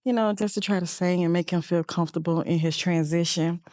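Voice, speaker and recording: Earnest middle-aged woman, heartfelt and low. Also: steady tone, fairly quick, a little mellow, no echo, clean studio sound. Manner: earnest, heartfelt, reflective storytelling. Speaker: interview guest, bereaved mother. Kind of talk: emotional personal interview.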